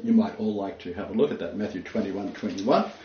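A man's voice: on the low side, a little mellow. A man giving a homely, unscripted sermon. He rambles, hesitates and laughs at his own stories. His voice carries in a roomy space on a dull, muffled recording. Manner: rambling, halting, chuckling asides. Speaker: preacher. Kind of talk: informal sermon with anecdotes.

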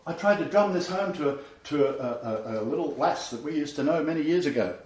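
A man leads a Bible study in a loose, chatty sermon style, with a fairly high voice. He stresses his points hard, laughs often and fills pauses with ums. The recording is roomy and a little dull. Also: expressive, a little mellow. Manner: chatty and emphatic, laughs often, many fillers. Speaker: pastor leading a Bible study. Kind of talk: casual teaching sermon.

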